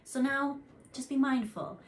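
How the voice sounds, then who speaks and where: A woman's voice: sits high, steady tone, a little slow, slight background noise. Chatty woman giving an intuitive card reading. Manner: chatty, rambling, earnest with frequent fillers and restarts. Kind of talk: casual channeled tarot reading.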